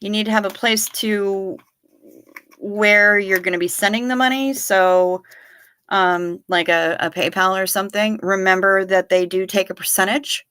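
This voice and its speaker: Woman, livestream host, casual chat, wry rambling storyteller, bright crisp tone. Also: medium pitch, dry recording, studio quality.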